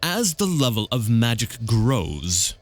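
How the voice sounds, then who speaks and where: A man voicing a slow, deliberate envoy who savors every word in a drawn-out, heavy delivery. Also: medium pitch, big pitch swings. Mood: ponderous.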